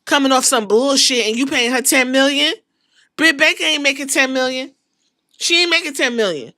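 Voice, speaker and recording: A woman hosting a podcast, ranting in casual commentary with an incredulous, profane, animated manner. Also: high-pitched, normal speed, dry recording, clean studio sound. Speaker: podcast host.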